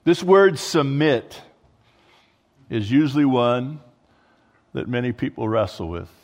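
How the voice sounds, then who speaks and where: Male pastor, unhurried sermon delivery, casual asides to the congregation, long hall echo. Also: medium pitch, animated. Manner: conversational, joking asides, restarts mid-thought.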